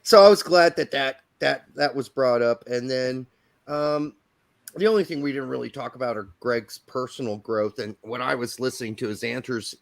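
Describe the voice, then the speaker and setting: A man's voice: mid-range voice, normal speed, creaky. A man hosting a sports podcast, joking and teasing his guests in casual chat. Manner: jokey, animated, teasing. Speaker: podcast host.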